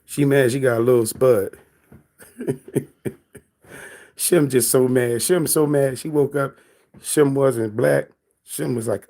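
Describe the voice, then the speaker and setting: A man with a voice of middling pitch chats casually on a livestream. He reads out viewers' comments and answers them with teasing and mockery. He breaks into laughter often. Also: slow pace, creaky, long pauses, dark tone. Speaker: livestreamer reading chat.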